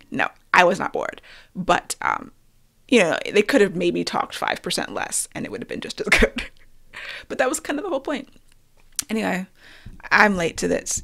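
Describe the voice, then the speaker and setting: A woman's voice: fairly low pitch, gravelly, a bit bright. A middle-aged woman hosting her own podcast, chatting candidly and with self-deprecating humor about films and her week. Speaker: podcast host. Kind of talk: casual solo podcast chat.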